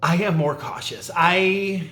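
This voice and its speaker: A man's voice: sits high, slow pace, bright, forceful tone. Chatty man in an echoey room. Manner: rambling, self-interrupting, laughs often. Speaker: YouTube vlogger. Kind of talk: casual chatty tag video.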